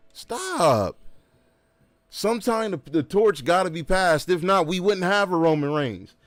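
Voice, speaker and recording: A man's voice: high voice, no echo, clean studio sound. A man streaming a game who chats casually and rants with emphasis, full of slang and repeated asides. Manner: animated, emphatic ranting with slang. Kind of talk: casual livestream chat.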